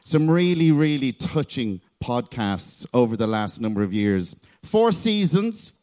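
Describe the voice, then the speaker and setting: A man's voice: mid-range voice, sing-song, a little slow, darkish tone. An Irish man hosting a live stage show, chatting and teasing the audience in a large venue before introducing the guest. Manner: chatty, teasing banter with the crowd. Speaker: master of ceremonies. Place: large concert venue, crowd present.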